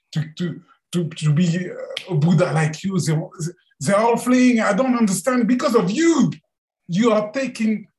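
A man's voice: a little high, darkish tone, reverberant, pitched above the performer's own voice, close to an everyday voice, rough recording. A man putting on a fed-up, despairing male demon. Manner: exasperated, pleading.

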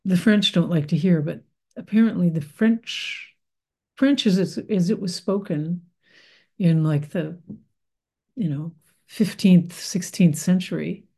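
A middle-aged American woman muses aloud in a reflective spiritual talk, circling back on her words with frequent fillers and restarts. Her voice sits on the lower side and has a mellow, warm tone. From United States. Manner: thoughtful, meandering, many fillers and restarts.

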